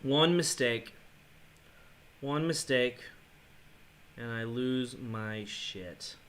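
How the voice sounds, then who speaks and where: A man's voice: mid-range voice, very slow, a bit bright. Man raging and cursing over a game. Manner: swears and rages in bursts, then mutters apologies; taunts his opponent in a mocking tone. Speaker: gaming vlogger. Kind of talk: live reactions while playing a mobile game.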